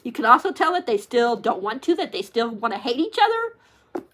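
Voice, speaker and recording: A woman's voice: on the high side, big pitch swings, moderate pace, fairly bright tone. A woman chatting casually to camera about her favorite books, gushing and emotional, close to tears, with lots of "like" fillers. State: tearful, near crying. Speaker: book reviewer. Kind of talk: casual book chat to camera.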